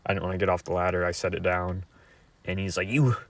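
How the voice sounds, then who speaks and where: In a crude, rambling monologue to his viewers, a young man speaks haltingly with lots of fillers. His voice is low and monotone.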